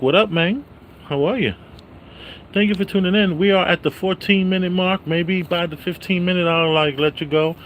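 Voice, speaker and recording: A man reviewing a movie on a casual livestream, greeting viewers by name and loudly repeating his catchphrases. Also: high voice, slight background noise.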